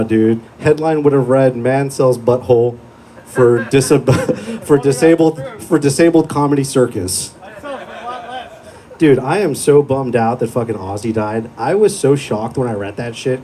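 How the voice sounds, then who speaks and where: A man's voice: medium pitch, dark tone, a little hiss or hum. A young man doing a crude, profane stand-up set in a small comedy club, telling stories in a laid-back way into a handheld mic.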